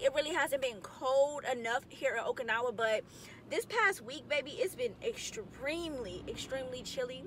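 A woman's voice: high voice, pushed and bright, slight background noise. A young woman vlogging to camera while driving, chatty, upbeat and full of slang. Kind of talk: casual chat to camera. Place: in a car, driving.

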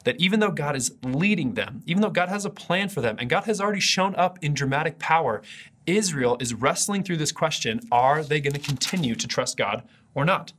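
A man's voice: a little high, expressive, fairly quick, fairly bright tone. A man giving a conversational video sermon as pastor, earnest and often restarting his sentences. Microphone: camera mic for an online video.

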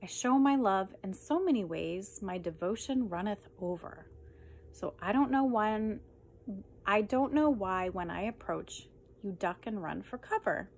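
A woman reading humorous poems aloud with deadpan, dry comic timing. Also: mid-range voice, unhurried. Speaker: reader.

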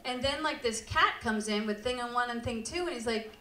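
A woman hosting a live storytelling show, telling comic stories in an animated, profane way and laughing often. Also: a little high, a little fast, few pauses. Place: live venue stage with audience. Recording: roomy live hall from far off.

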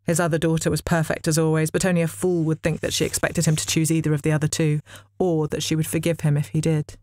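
Here a woman reads from her own novel in a studio, a dramatic reading with wry storytelling. She speaks fast in a low, slightly mellow voice with a completely flat delivery.

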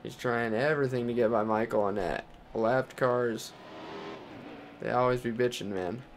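A man's voice: mid-range voice, moderate pace, a little hiss or hum. A young man from Texas commentating his racing game career, talking his way through the race and ranting with profanity. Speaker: gaming channel host.

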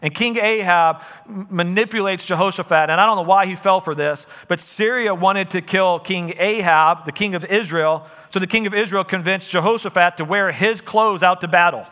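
A male pastor delivers a sermon, retelling scripture with lively, conversational storytelling. His voice sits high and sounds bright and forceful. It carries the long reverb of a large hall. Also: moderate pace, hardly any pauses. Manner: lively storytelling, paraphrasing scripture with casual asides. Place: church auditorium.

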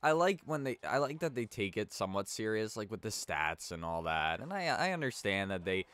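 A man's voice: fairly low pitch, very animated, fairly quick, fairly bright tone, no echo. A young man casually chatting and telling stories while playing a hockey video game, rambling with lots of "like" and sudden outbursts at his own mistakes. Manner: rambling storytelling with frequent "like", bursts of frustration at the game. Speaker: gaming YouTuber. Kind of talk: casual let's-play commentary.

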